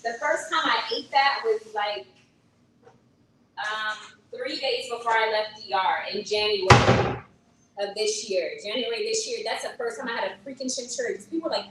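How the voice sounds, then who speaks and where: A woman chatting live with her viewers, answering comments and talking back with animated emphasis. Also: on the high side, normal speed. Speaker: vlogger answering live chat. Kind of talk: casual live-stream chat. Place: indoor room on vacation. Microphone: phone on a gimbal. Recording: echoey room, far from mic, noisy.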